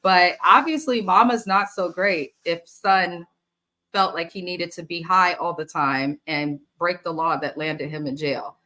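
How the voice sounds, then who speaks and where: Woman host, lowish voice, chatty live reality-TV recap, blunt and profane. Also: unhurried, pushed and bright. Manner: chatty, talks straight to viewers. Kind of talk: casual live episode recap.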